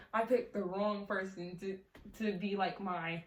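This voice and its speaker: A woman's voice: medium pitch, steady tone, takes it slowly, far from the mic. Chatty teen girl, echoey room. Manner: chatty, many fillers, laughs often. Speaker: storyteller. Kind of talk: casual storytime. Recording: echoey room, mic set back, faint hiss.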